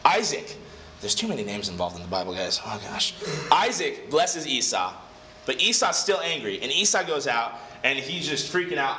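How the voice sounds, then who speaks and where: A man's voice: medium pitch, big pitch swings, moderate pace, bright, forceful tone, slight background noise. A man casually retelling a Bible story as a lesson leader. He is chatty, digresses, and corrects himself often. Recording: echoey room, slightly dull.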